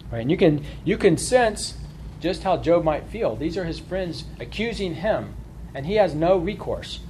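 A man's voice: fairly high pitch, animated, normal speed, dark tone, a little hiss or hum. A man leading a Bible study, explaining informally and often checking in with a rhetorical "right?". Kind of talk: conversational Bible study lesson.

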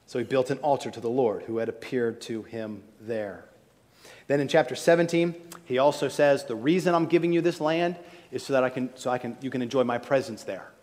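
A man delivering a sermon, building to emphatic high points and then dropping quiet and low. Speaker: preacher. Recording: long reverb of a large hall.

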